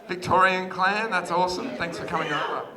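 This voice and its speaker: A man's voice: high voice, a little fast. An Australian man in his thirties giving a chatty, self-deprecating wedding speech as the groom, laughing often. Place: wedding reception hall. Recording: guest chatter in a large hall. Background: crowd of guests.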